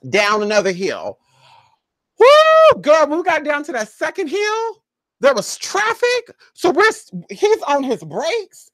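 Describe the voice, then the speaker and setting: A woman tells her viewers a long, exclamatory story and acts out her own shocked reactions. Her pitch leaps all over the place and her tone is bright. The sound is dry and close. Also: huge pitch swings, a little slow, no room sound. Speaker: spiritual vlogger.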